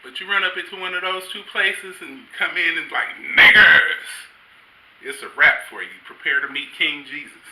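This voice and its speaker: A man's voice: on the high side, a little fast, hardly any pauses, noisy background. A middle-aged man, a grandfather, doing a loose, profane stand-up set on a comedy stage with a handheld mic. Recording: roomy stage sound, faint ambience.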